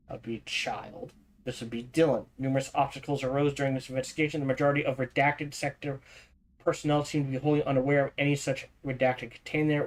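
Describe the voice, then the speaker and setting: A man streaming a game reads its documents aloud at a brisk clip, with a voice of ordinary pitch for a man. He trips over words, backs up and corrects himself, and drops casual side comments between passages. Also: rough recording. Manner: reads fast, stumbles and restarts, adds asides. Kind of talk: reading in-game documents aloud while playing.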